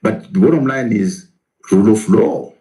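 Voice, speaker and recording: A man's voice: on the low side, normal speed, warm tone, faint music behind, poor audio. A man, a professor, arguing in a political interview, asking rhetorical questions and answering them himself.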